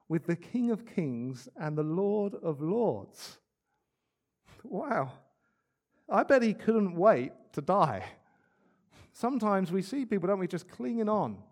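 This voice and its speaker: Man, preacher, sermon, earnest, slows for emphasis, light asides, somewhat high-pitched. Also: a little mellow. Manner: earnest, slows down to stress key words.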